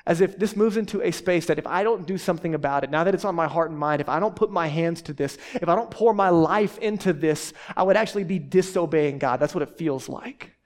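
A male pastor in his thirties from Texas preaches a sermon. He talks fast and tells stories animatedly, his pitch slightly raised.

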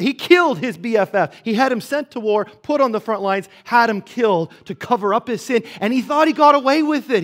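A man preaching a sermon in a conversational way, asking rhetorical questions and moving between hushed asides and emphatic stretches. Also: high-pitched. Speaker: pastor.

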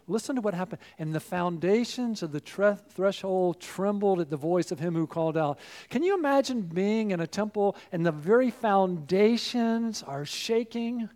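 High-voiced preacher with dramatic swings. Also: male voice. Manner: emphatic, swings between loud exclamations and hushed asides. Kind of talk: sermon.

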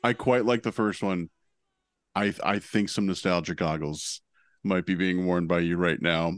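A man co-hosting a podcast in casual chat, with a dry, measured and wry way of talking. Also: deep voice, fairly even intonation. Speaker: podcast co-host.

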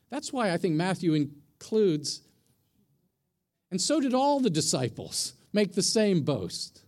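A man's voice: high-pitched, a little mellow. A middle-aged man, a pastor, preaching a sermon in a conversational way, often asking the congregation questions.

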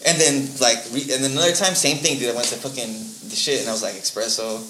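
A man's voice: medium pitch, fast, noisy background. A man telling a rambling story in casual podcast chat, swearing a lot.

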